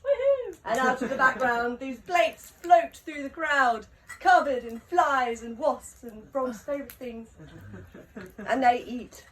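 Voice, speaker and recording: A woman telling a story aloud at a live gathering, unhurried and often laughing mid-sentence, in a live recording from a distance. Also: high voice, a bit bright.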